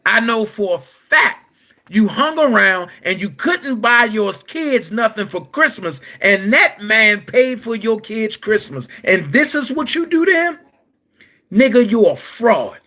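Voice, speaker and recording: Male commentator, high and animated, confrontational vlog rant. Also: unhurried. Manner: confrontational, addresses his target directly, reads out article passages.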